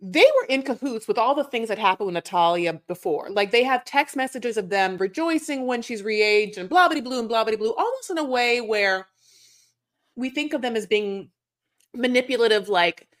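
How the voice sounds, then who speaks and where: A woman's voice: a little high, animated, moderate pace. A woman co-hosting a podcast, chatting casually and agreeing with her partner. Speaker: podcast co-host. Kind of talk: casual chat.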